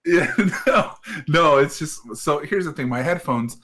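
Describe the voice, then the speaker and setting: A man's voice: fairly high pitch, unhurried, a crowd in the background. A man co-hosting a podcast, chatting casually, joking and laughing, swearing freely. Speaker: podcast co-host. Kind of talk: casual chat.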